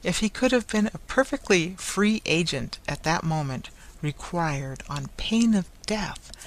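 A reader narrates a classic novel aloud at a measured pace, with an even storytelling delivery in a mid-range voice. The reading is plain and unhurried, made for learners following the text. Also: mid-range voice, rough recording. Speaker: audiobook narrator.

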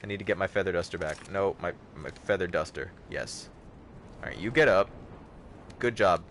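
A man's voice: low-pitched, moderate pace, slight background noise. A young man hosting a livestream, giving casual, joking gameplay commentary, chatting with viewers and yelping when startled. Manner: animated, joking, talks to chat, yelps when startled. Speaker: livestream host.

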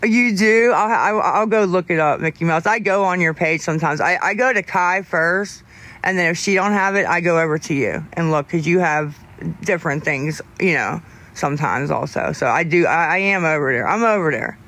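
A young man on a casual livestream, answering chat in a rambling, halting way with many restarts, candid about staying sober. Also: on the high side, sharp tone.

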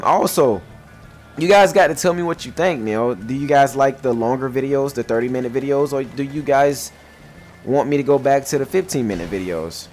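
A young man hosting his own gaming channel, telling a match story in slangy, laughing commentary. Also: medium pitch. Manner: animated storytelling with frequent laughs; slangy and excitable.

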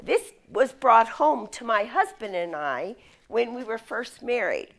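A middle-aged woman from the United States giving a leadership lecture, telling stories in an animated way. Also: on the high side, a little slow, gravelly. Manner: storytelling, animated. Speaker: speaker.

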